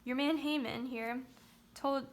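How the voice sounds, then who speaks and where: A woman's voice: high voice, steady tone, takes it slowly. A woman voicing a brave young queen in a retold storybook tale, speaking earnestly. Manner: earnest, pleading. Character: brave young queen pleading for her people.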